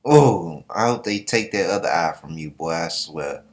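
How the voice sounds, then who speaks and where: A man with a fairly low voice talks through a comic chapter in loose, casual commentary. He jokes and curses freely, reading the panels out and reacting as he goes. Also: lively intonation, moderate pace. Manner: profane, joking, reads panels aloud in put-on voices. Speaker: manga reaction host.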